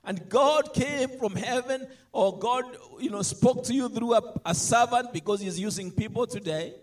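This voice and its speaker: A man preaching a sermon, animated, swinging between loud emphatic lines and soft asides. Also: extremely high pitch, normal speed.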